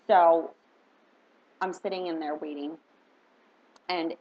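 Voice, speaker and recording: A woman's voice: deep voice, fairly even intonation, normal speed, pauses often, a little mellow. A woman vlogger telling a personal story in casual, emotional, rambling speech full of "like". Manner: rambling, emotional, heavy use of "like". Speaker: spiritual reader vlogger. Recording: dull lo-fi with faint background noise.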